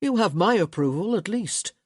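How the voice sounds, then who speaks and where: A woman's voice: medium pitch, animated, normal speed, no echo, studio quality, voice pushed up, close to an everyday voice. A woman voicing a flippant young man teasing his sister in an audiobook. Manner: teasing and flip.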